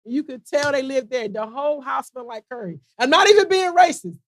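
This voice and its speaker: A woman with a high, bright-sitting voice chats and laughs easily through morning-show banter. She reads listener comments aloud in a relaxed way. Her voice is close and dry, with no room sound. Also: a little fast, no echo. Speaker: radio co-host.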